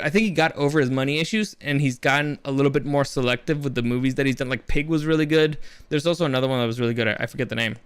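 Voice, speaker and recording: A man's voice: fairly high pitch, fairly bright tone, no echo. A young man casually reviewing films, rambling and enthusiastic, with many restarts. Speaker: movie reviewer. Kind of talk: casual spoken film review.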